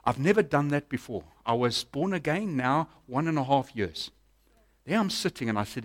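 A middle-aged man preaching a sermon, telling a story and swinging from loud bursts to hushed lines. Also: mid-range voice, animated, normal speed. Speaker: pastor.

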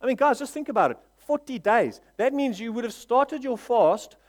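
A man's voice: extremely high pitch, animated, normal speed. A man preaching a sermon, joking with the congregation and acting out little dialogues, laughing often as he talks. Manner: laughs often while speaking.

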